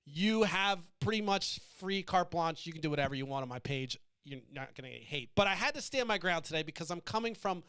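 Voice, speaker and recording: Blunt swearing American man, smooth voice. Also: fairly high pitch, animated, fairly quick, few pauses, a bit bright, no echo. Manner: blunt, defiant, swears freely. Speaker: podcast host. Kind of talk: casual profane monologue.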